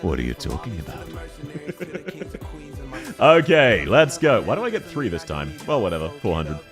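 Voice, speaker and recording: Here the voice is fairly low but swings hugely in pitch, with faint music in the background. It belongs to a young Australian man doing casual livestream commentary as a VTuber, teasing his viewers playfully and laughing readily while he games.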